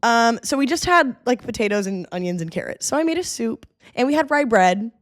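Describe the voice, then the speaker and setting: A woman with a slightly high voice, chatting casually as a podcast co-host. She rambles and pokes fun at herself, and laughter runs through her talk. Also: lively intonation, brisk, dry recording, studio quality. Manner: rambling, self-deprecating, laughs often. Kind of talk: casual chat.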